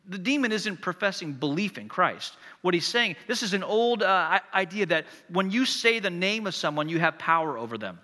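Pastor, man, high and very forceful delivery, long church reverb; tells the story like he's there. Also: lively intonation, moderate pace, hardly any pauses. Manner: vivid storytelling, addressing the congregation directly. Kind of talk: sermon.

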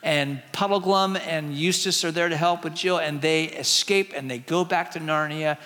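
A man's voice: on the high side, moderate pace, pushed and bright, big-room sound. A man retelling a storybook to a group, chatty and asking the listeners questions as he shows pictures. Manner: chatty, asks the audience questions. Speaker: teacher retelling a book.

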